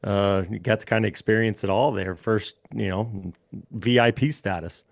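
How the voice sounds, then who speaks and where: A man hosting a casual chat, joking and relaxed with his guests. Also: on the low side, normal speed, creaky. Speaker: host.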